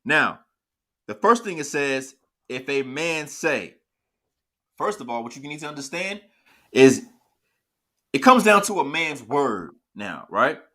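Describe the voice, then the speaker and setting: A man's voice: on the high side, sing-song, slow pace, long pauses, fairly bright tone. A man teaching a scripture class, often restarting his sentences and repeatedly asking if his listeners understand.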